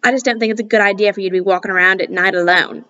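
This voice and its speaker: A woman voicing a calm, brooding young man with a put-on British accent, speaking low and quietly. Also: racing, clean tone, highs cut off, lightly acted.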